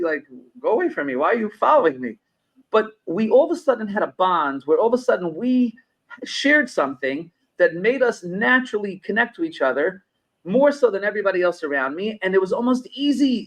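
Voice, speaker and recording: Middle-aged male consultant from New York, fairly high voice, conversational podcast guest who teaches through anecdotes. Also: a bit bright, rough recording. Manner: explains through personal anecdotes, repeats phrases for emphasis.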